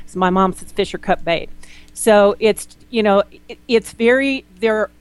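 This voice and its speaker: Blunt chatty woman on a podcast interview, mid pitch, tells stories and acts out quotes. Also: measured pace, clean tone, poor audio. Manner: blunt, animated storyteller, quotes people in lively voices. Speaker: naturopath guest. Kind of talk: candid interview conversation.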